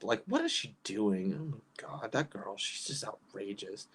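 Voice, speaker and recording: A woman holds a casual livestream and reads from the chat as she goes. She rants in an exasperated way, laughs often, and her pitch swings widely. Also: animated, a little slow, hardly any pauses, husky. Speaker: livestream commentator reading chat.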